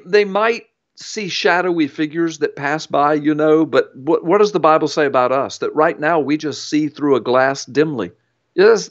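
A man's voice: fairly high pitch, lo-fi sound. A man guest in an interview, explaining with an earnest, emphatic, preacherly storytelling manner. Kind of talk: interview teaching.

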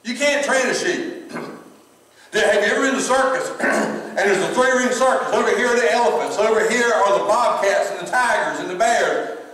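In a church sanctuary, a middle-aged pastor with a Southern US accent delivers a humorous, folksy sermon, laughing often and repeating words. His voice is high-pitched and a bit bright at a moderate pace, recorded from far off in an echoey hall.

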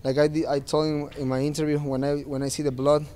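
A man's voice: on the high side, flat delivery, fast talker, warm tone. A man speaking as a fighter at a post-fight press interview, earnest and plain-spoken, with non-native phrasing.

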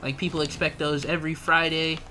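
A young man's bright, fairly high voice carries a slangy, easygoing live-stream chat as he reads viewer messages aloud and laughs along. A faint hiss of background noise sits under the desk mic. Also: little pitch movement, fairly quick. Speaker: gaming livestreamer.

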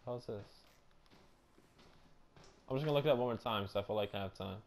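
A young man doing casual let's-play commentary on a horror game, loud, joking and slangy. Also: lowish voice, brisk. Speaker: gameplay streamer.

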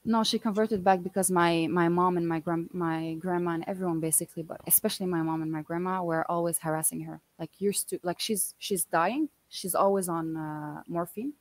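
A woman in her twenties telling a personal story in an interview, animated and blunt, often quoting what people said. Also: lowish voice, fairly quick, hardly any pauses, low-quality recording. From Canada. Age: 20s. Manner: animated, quotes others often, swears casually. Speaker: guest.

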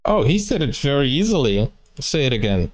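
A man's voice: medium pitch, big pitch swings, brisk, slight background noise. A man hosting a reaction video, chatting casually, laughing at himself and tripping over his words. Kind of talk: casual chat.

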